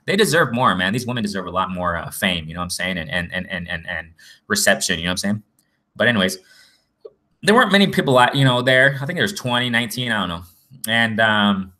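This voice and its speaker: A man's voice: on the low side, bright, forceful tone. A man chatting casually in a boxing vlog, rambling and often saying "you know what I'm saying". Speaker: boxing vlogger. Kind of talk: casual chat.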